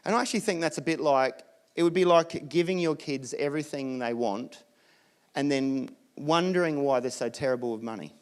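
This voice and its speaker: A man with an Australian accent preaching a sermon as a pastor, telling stories with animated asides. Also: medium pitch, fairly quick, smooth. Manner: animated storytelling with acted asides.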